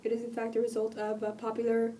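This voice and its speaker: A woman vlogging while sick, her voice cracking and dropping out, talking earnestly and rambling with many pauses. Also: on the high side, completely flat delivery, dark tone, far from the mic, a little hiss or hum. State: sick, voice cutting in and out. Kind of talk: casual talk to camera.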